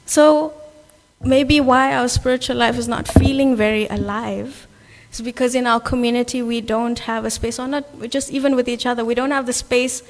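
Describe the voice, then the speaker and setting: At a Sunday gathering in a temple hall, a South African woman preaches earnestly and conversationally, checking in often with "right?". Her slightly high voice has fairly even intonation and a normal speed. A long hall reverb and slight background noise can be heard.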